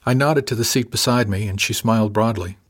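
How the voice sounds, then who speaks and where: Calm man reading an audiobook, husky voice. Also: on the low side, brisk. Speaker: narrator. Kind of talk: first-person audiobook narration.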